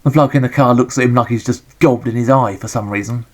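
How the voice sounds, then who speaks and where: A man's voice: mid-range voice, fast. An English man giving a sarcastic, grumbling, joke-filled running commentary as he reviews a retro game.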